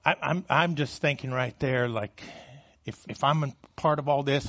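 A man's voice: medium pitch, moderate pace, a bit bright, muffled recording. A man preaching a sermon as a pastor. He stumbles and repeats words as he starts phrases, and his voice rises when he reads scripture aloud.

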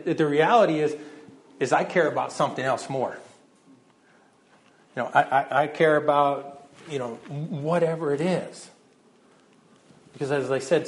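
A middle-aged man preaching a sermon in a conversational way, often repeating words as he starts his sentences. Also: a little high. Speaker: pastor.

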